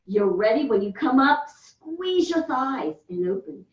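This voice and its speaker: A woman's voice: high voice, big pitch swings, measured pace. A woman fitness instructor leading a floor workout in a carpeted room, calling out counts and upbeat encouragement. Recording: echoey room, distant dull mic.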